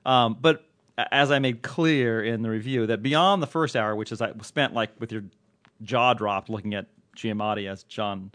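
A man's voice: on the low side, moderate pace, fairly bright tone, no room sound. A man hosting a podcast in casual chat, joking and rambling in a self-mocking way. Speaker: podcast host, TV critic.

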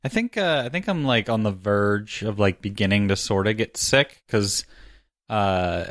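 Tired male co-host, lowish voice on a dry close mic, teasing and deadpan. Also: measured pace, dry recording. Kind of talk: casual chat. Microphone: studio microphone.

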